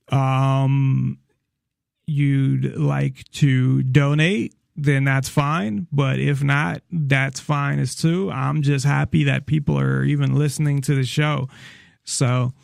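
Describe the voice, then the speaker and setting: A man's voice: medium pitch, fairly even intonation, slow, vocal fry, no echo, studio quality. A man hosting a political call-in podcast, talking in a rambling, hesitant way with many restarts. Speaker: podcast host. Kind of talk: casual political talk show.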